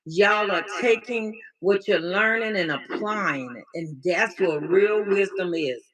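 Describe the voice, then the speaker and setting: Woman, livestream coach, unhurried, bright tone, playful, chatty, faith-tinged encouragement. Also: medium pitch, poor audio. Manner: playful, chatty, encouraging, reads and answers chat aloud; sprinkles faith talk and calls viewers baby. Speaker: life coach and livestream host. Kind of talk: casual livestream check-in with viewers.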